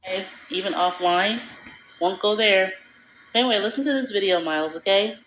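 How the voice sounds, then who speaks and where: A woman's voice: medium pitch, moderate pace, a bit bright, reverberant, slight background noise, rough recording. A woman in a played clip, talking in a chatty, exasperated way, full of fillers. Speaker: video creator in a played clip. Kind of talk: casual vlog talk.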